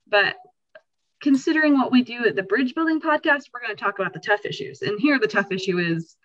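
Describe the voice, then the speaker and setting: A woman podcast host talks through her points at a medium pitch, slipping into little acted-out voices to show how people feel. Her voice comes through a dull, lo-fi recording. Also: brisk. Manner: animated, acts out quoted feelings. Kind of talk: explaining a topic conversationally.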